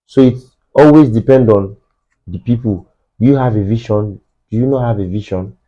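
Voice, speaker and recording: A man's voice: on the low side, normal speed, mellow, dull audio. Nigerian guy, emphatic, switches into pidgin a lot, easygoing podcast chat.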